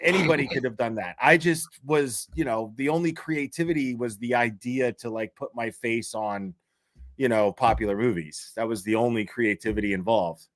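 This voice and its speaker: A man's voice: medium pitch, moderate pace, no echo. Modest, easily laughing man, casual. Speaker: podcast guest. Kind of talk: casual live-stream chat.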